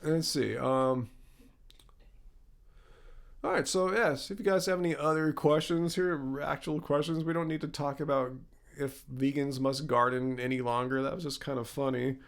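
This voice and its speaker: A man hosts a laid-back live stream, reading viewer comments aloud. His voice sits a little high for a man and has a gravelly, fry-laden edge. He sneezes now and then. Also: fairly even intonation, moderate pace. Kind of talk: casual live Q&A chat.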